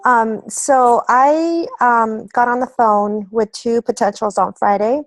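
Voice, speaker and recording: Woman asking a hesitant question in a group call, dry sound, highish voice. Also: slow pace, dry recording. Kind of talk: group discussion.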